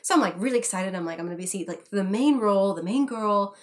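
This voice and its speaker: A young American woman, an actor, telling a story in casual chat, animated and laughing often as she acts out quotes. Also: medium pitch, fast talker. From United States. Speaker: podcast guest, actor.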